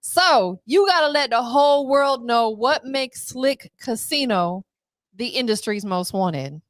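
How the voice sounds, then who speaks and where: A woman's voice: on the high side, animated, measured pace, no echo, clean studio sound. A woman hosting a live podcast in a casual, hyped-up, promotional way. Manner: hype, upbeat, promotional. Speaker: podcast host.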